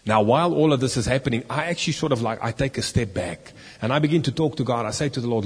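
Husky-voiced man preaching in a hall. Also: medium pitch, fast, few pauses. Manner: animated storytelling, rises loud for punchlines. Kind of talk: sermon storytelling. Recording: long reverb in a hall.

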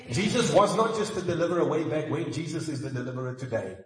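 A man's voice: a little high, lively intonation, quick pace, hardly any pauses. A man preaching a sermon in a church, conversational and mixing in humorous asides. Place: church hall. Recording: echoey hall, mic far off.

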